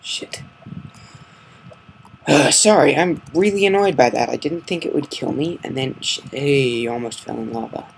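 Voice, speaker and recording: A man giving casual commentary on his own gameplay, muttering curses under his breath and breaking into loud outbursts. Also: medium pitch, a little slow, creaky, slight background noise, low-quality recording. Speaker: gamer narrating his gameplay. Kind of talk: casual Let's Play commentary.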